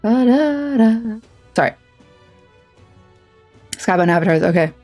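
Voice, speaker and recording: A woman's voice: on the low side, normal speed, soft background music. A woman streaming a video game, chatting casually and thinking aloud with self-deprecating asides. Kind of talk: casual let's-play commentary.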